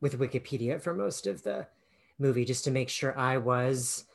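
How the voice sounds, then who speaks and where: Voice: medium pitch, animated, normal speed, gravelly. A podcast co-host chatting casually about a film, hesitant and full of fillers. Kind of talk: casual film review chat.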